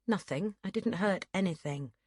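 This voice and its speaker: Lady reading as a sulky proud boy, higher and pushier than her narration, dry sound. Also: moderate pace, darkish tone, husky, dry recording. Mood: defiant. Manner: defiant, pleading. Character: proud, sulky young lad in disguise.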